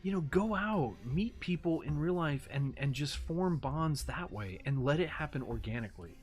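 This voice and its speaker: A man's voice: a little high, moderate pace, faint music behind. Exasperated, profane man ranting casually. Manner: animated, swings into mocking impressions and sarcastic read-outs. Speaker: commentary host. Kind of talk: casual reaction commentary.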